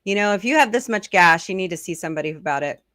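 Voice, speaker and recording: A woman's voice: lowish voice, animated, fast talker, a bit bright, dry recording, studio quality. A middle-aged woman hosting a casual live stream, chatting and answering viewer comments. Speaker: host.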